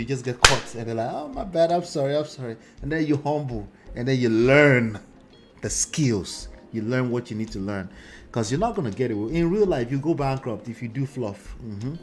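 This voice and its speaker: Animated man hosting a reaction. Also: mid-range voice. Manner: animated, mocking, laughs often. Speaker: host reacting to a video with live chat. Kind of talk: live reaction commentary.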